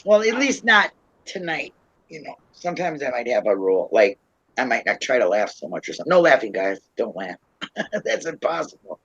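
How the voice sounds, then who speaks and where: A woman's voice: a bass voice, sing-song, fairly quick, a bit bright, slightly rough, no room sound, lo-fi sound. A woman hosting a casual livestream chat, tipsy from wine, rambling and laughing often. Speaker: livestream host.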